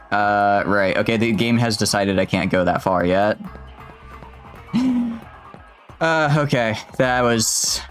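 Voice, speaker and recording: Young man, casual gameplay stream chat, animated pitch, rambling, laughs often, faint game music behind.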